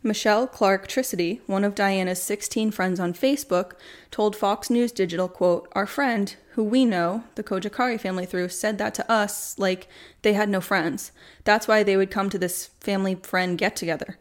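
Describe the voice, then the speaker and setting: A woman's voice: medium pitch, moderate pace. Chatty woman hosting a crime podcast. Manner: candid, chatty, swears casually. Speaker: true crime podcast host. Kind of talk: casual podcast narration.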